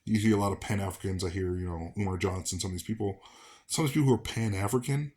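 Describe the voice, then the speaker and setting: A man's voice: on the low side, rapid-fire, darkish tone. A man from the American South talking casually to camera as a vlogger, rambling with fillers and restarts. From Southern United States.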